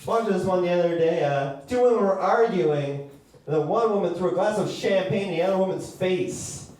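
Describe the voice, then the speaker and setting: A man's voice: high voice, normal speed, lightly acted. A man voicing a male cruise ship doing stand-up, with cheesy club-comic patter. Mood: hammy. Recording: echoey room, distant mic, loud crowd.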